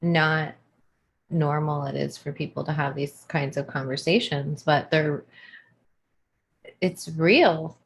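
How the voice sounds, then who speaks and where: A woman's voice: sits low, slow pace, long pauses. A woman co-hosting a live online show, explaining ideas in an earnest, thoughtful way. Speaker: co-host. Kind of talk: casual livestream chat.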